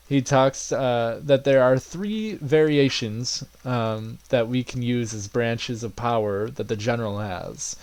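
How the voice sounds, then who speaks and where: A man's voice: mid-range voice, takes it slowly, hardly any pauses, a little mellow, clear, resonant tone, dry recording. A man narrating a tabletop game as game master, in loose speech full of fillers and small chuckles.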